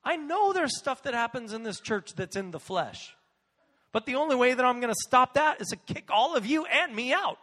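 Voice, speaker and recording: A male pastor preaching a sermon in an emphatic, animated way, driving points home by repeating key phrases. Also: very high voice, normal speed, long reverb tail. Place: church sanctuary.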